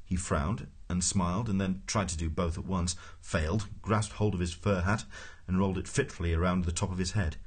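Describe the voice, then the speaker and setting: A man's voice: deep voice, steady tone, brisk, breathy edge. A man giving a dry, wry scripted audiobook narration.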